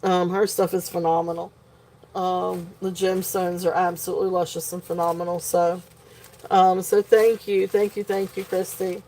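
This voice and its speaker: A woman's voice: on the low side, flat delivery, normal speed, warm tone. A woman at home hosting a live jewelry sale, gushing over each piece with many ums. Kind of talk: live auction selling.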